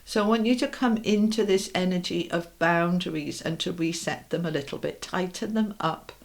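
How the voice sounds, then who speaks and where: A middle-aged woman with a slightly low voice gives a tarot reading. She coaches the listener directly and reassuringly. She asks rhetorical questions and keeps checking in with a quick "okay?" or "all right?". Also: gravelly. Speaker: tarot reader. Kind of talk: tarot card reading to camera.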